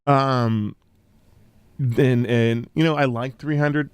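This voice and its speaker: A man's voice: mid-range voice, fairly even intonation, clean tone, no echo. Playful male podcast co-host, dry sound. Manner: playful, quick with jokes and pop culture bits. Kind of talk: casual podcast chat. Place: indoor room, seated on a couch.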